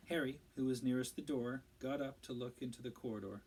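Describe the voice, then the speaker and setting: Man, audiobook narrator, steady measured reading, medium pitch. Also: husky, poor audio. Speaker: audiobook reader. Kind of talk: storybook read-aloud narration.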